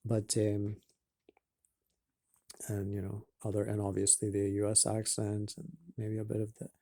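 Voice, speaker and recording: A man talking casually at home in an attempted Scottish accent, rambling and halting, with many fillers, restarts and casual swearing. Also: on the low side, monotone, dark tone, no echo, clean studio sound. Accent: put-on Scottish. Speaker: vlogger.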